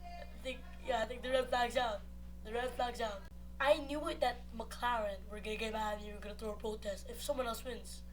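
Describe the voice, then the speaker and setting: A woman commentating on a racing league, muttering asides between shouted, excited play-by-play. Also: on the high side, a little fast, a little hiss or hum. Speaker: race commentator.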